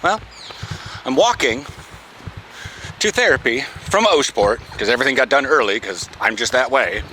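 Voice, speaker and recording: Strolling through city streets and a park, this male vlogger jokes around casually, cursing freely into the handheld camera he carries. He speaks expressively at a moderate pace in a loud, booming voice. The low-quality recording picks up passing traffic and trams.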